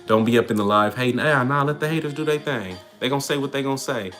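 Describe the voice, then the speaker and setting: A man's voice: medium pitch, fast, soft background music. Blunt streetwise man on a livestream. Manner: blunt, streetwise, animated preaching to chat. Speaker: livestream host. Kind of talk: casual livestream advice talk.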